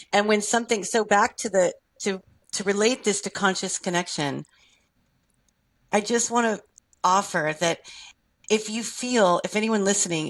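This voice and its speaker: A woman's voice: medium pitch, poor audio. A woman co-hosting a podcast, talking in an earnest, effusive way. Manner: warm, earnest and effusive, with frequent laughs. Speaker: podcast co-host. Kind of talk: casual conversation.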